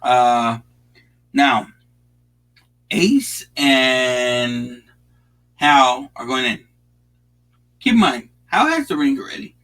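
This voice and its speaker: A man's voice: medium pitch, fairly bright tone, rough recording. Laid-back man swearing through movie commentary. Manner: profane, rambling, laid-back with frequent fillers. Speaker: watch-along host.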